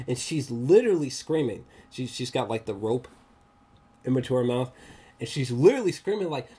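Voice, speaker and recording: A man giving a casual, rambling movie review, excitable and slangy, often laughing. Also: medium pitch, brisk, husky.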